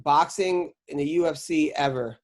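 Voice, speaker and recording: A man's voice: on the high side, moderate pace. A man hosting a podcast, teasing his guest in casual banter with frequent laughs and restarts. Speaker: podcast host.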